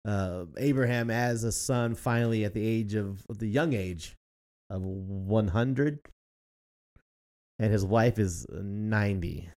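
A man's voice: fairly low pitch, takes it slowly. A man in his thirties co-hosting a podcast in casual, joking chat, laughing often. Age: 30s. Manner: jokey, animated, laughs often. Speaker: podcast co-host.

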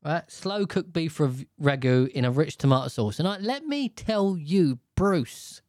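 A man chats casually with a co-host, wandering from point to point with lots of energy. He keeps dropping into quick impressions. The recording is dry and close, with no room echo. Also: on the high side. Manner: rambling, animated, breaks into voices. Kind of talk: casual chat.

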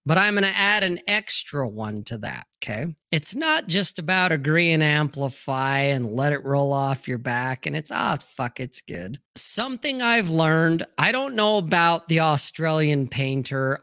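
A man's voice: a little high, normal speed, hardly any pauses, pushed and bright, dry recording, clean studio sound. Blunt, profane man hosting a stream. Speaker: livestream host. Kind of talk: casual panel chat. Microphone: streaming mic, remote call.

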